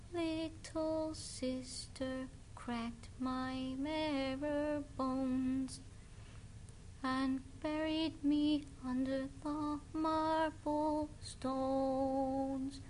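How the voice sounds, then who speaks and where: A woman voicing a murdered boy's ghost as a little bird, chanting a slow eerie sing-song. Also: high-pitched, darkish tone, a little hiss or hum.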